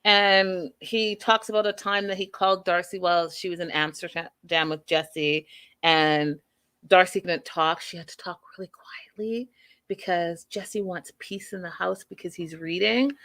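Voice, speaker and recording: A woman hosting a podcast, giving an animated, emphatic, chatty recap of a reality show. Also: fairly low pitch, a little slow. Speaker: podcast host. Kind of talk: casual TV recap commentary.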